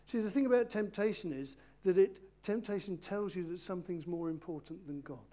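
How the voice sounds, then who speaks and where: A man with a high, mellow voice talks a little fast as he leads a children's talk during a church service. He playfully coaxes the young volunteers up front, speaking directly to them while also addressing the surrounding congregation.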